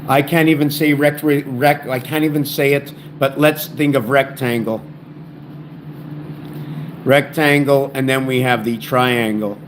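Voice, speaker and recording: A man's voice: medium pitch, fairly even intonation, measured pace, slight background noise. A man hosting his own video channel, talking in a rambling, stumbling way, often restarting words and thinking aloud. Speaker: channel host explaining word and number theories. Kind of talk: rambling solo video talk. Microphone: home camera setup.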